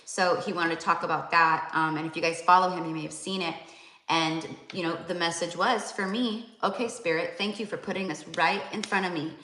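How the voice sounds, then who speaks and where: A woman's voice: lowish voice, steady tone, brisk, bright, forceful tone, reverberant. A young woman and psychic tarot reader, talking casually and rambling with many fillers and restarts. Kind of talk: casual spiritual talk to viewers.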